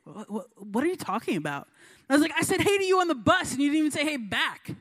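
A woman's voice: high voice, very animated, quick pace, fairly bright tone. A young woman giving a casual storytelling sermon as a youth pastor, chatty, full of fillers, acting out voices in her stories.

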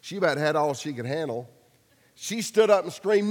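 A pastor preaching a sermon, telling stories casually with humor and acted-out quotes. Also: male voice, on the high side, expressive, moderate pace, in a large hall.

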